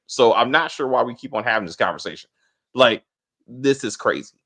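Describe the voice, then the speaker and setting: A man hosting a casual TV review chat, animated and profane, acting out the characters' lines. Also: mid-range voice, fairly quick. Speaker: podcast host.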